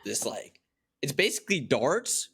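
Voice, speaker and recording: A man from the United States chatting on a podcast at an everyday pitch. He rambles through his story with plenty of likes and restarts, in a relaxed and casual way. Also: a little slow, slightly rough. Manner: rambling storyteller, lots of fillers. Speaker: podcast co-host.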